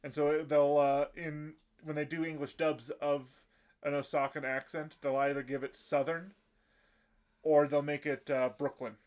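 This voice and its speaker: A man with a somewhat high voice explains anime scenes on a casual podcast. His talk is chatty and explanatory, with frequent restarts. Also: flat delivery, normal speed, darkish tone. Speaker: podcast co-host. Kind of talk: casual chat recapping an anime.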